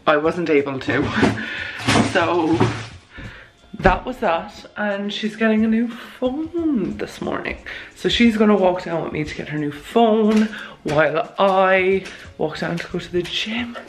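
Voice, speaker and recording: Deep-voiced and chatty, this Irish woman in her twenties vlogs casually into her phone, rambling and leaning heavily on "lads" and "like." The recording is rough, with slight background noise and faint music beneath her.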